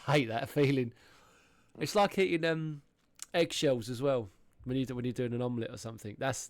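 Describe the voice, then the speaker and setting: An English man in his thirties chats loosely on a podcast, with loose, rambling talk full of swearing and sudden animated exclamations. His voice sits at an ordinary middle pitch and is recorded close and dry, with no room sound at all. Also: no room sound. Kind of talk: casual chat.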